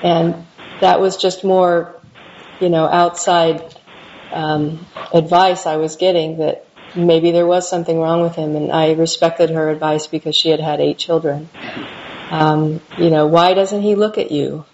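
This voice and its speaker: A middle-aged woman in an interview, recalling her past in a halting, reflective way with many restarts. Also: low voice, flat delivery, darkish tone. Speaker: interviewee, mother. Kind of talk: personal recollection interview. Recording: dull lo-fi recording, faint hiss.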